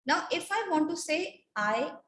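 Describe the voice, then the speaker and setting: Brief: woman teacher, slow and measured, slightly high voice, echoey classroom. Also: expressive, fairly bright tone. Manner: slow, patient, repeats and quizzes students. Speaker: French teacher. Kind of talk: classroom lecture. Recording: echoey room with faint noise.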